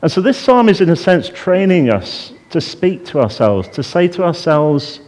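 Guy preaching a sermon, super animated, does a screaming kid voice then goes all hushed and soft. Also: normal speed, hardly any pauses. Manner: animated, acts out a crying child in a high voice; drops to a hushed voice on calming phrases.

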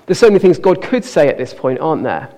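An earnest man delivers a sermon and draws out the words he wants to stress. His voice is mellow and gravelly. It echoes with a long reverb around a church hall. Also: fairly high pitch, sing-song, fast talker. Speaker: preacher.

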